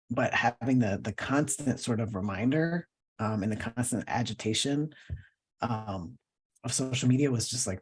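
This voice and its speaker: A man speaking as an interview guest in a casual conversation, thoughtful and pausing to search for words. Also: mid-range voice, husky. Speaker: guest, professor and cartoonist.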